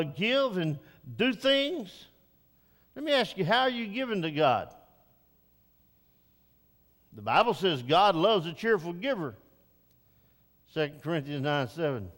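Older folksy preacher with a high voice. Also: male voice, fairly bright tone. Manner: folksy, rambling preacher who builds to emphatic exhortation. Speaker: pastor. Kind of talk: sermon. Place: church sanctuary. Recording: reverberant church hall.

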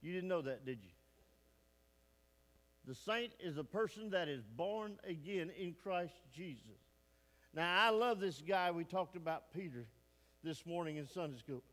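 A male pastor delivers a folksy, emphatic sermon, often turning to the congregation with questions. His voice sits high and he takes his time with every phrase. The sound carries a long reverb from the church sanctuary. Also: expressive, unhurried, long pauses, fairly bright tone.

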